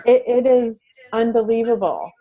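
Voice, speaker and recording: Fairly high-pitched with lively intonation, this middle-aged parent advocate talks at normal speed in an interview. She's earnest and chatty, frequently starting over mid-thought, and the audio sounds dull.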